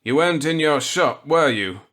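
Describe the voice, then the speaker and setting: A man's voice: on the high side, expressive, normal speed, a bit bright, voice pushed up. A man voicing a brusque male police officer asking clipped questions. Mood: curt.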